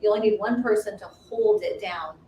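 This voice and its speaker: A woman's voice: mid-range voice, fairly quick, highs cut off. A woman co-hosting a ministry livestream, earnestly telling a personal faith story with many restarts. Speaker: ministry co-host. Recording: roomy distant livestream audio, faint noise.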